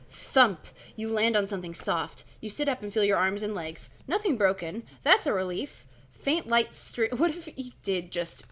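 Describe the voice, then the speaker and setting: A woman's voice: lowish voice, a bit bright. A woman live-streaming as she reads a spooky kids' book aloud, breaking off into casual chatty asides, swearing and laughing at her own slips.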